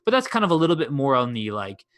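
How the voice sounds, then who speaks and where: A man's voice: mid-range voice, big pitch swings, quick pace, fairly bright tone, dry recording. Rambling man on a dry mic. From Canada. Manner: meandering, thinks aloud with frequent restarts. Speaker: podcast co-host. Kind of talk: casual chat.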